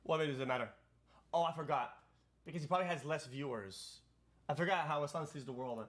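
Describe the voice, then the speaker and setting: Fast-talking excitable male streamer. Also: on the high side. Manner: rapid, excitable, ranting. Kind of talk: casual live-stream commentary.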